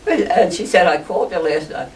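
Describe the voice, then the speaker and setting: A woman's voice: lowish voice, animated, normal speed. An older woman telling stories in a group interview, chatty and laughing often. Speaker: interviewee, ballooning pioneer. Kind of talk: casual storytelling interview. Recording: distant mic with faint noise.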